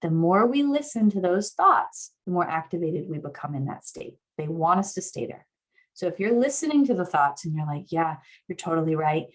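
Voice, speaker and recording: A somatic therapist guest speaker with a fairly low voice leads an online workshop at normal speed, earnestly guiding listeners through an exercise and occasionally rising into excited affirmations. She is heard over a video call.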